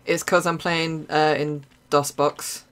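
A woman's voice: deep voice, little pitch movement, fairly bright tone. Chatty young woman with an Essex accent. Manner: chatty, reactive, quick exclamations and laughs. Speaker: streamer. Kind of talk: live gameplay commentary.

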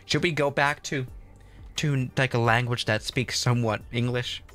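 A man's voice: medium pitch, fairly even intonation, normal speed, fairly bright tone. A man streaming a flight sim, chatting casually to viewers in a rambling way full of fillers and restarts. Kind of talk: casual live gameplay commentary.

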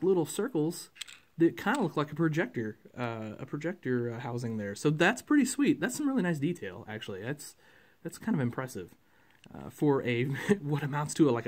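Chatty man, slightly high voice. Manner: rambling, chatty, with frequent fillers and chuckles. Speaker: toy collector reviewing a model truck. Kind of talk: casual unscripted review.

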